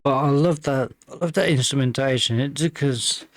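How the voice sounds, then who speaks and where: A man hosting a music reaction video, talking in halting, emotional bursts full of fillers and restarts while fighting back tears. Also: medium pitch. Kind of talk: casual reaction commentary.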